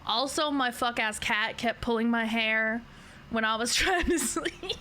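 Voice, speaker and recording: Giggly, sleepy woman streamer with a bright voice. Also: fairly high pitch, measured pace, a little hiss or hum. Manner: giggly, rambling, slangy. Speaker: livestreamer. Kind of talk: casual chat.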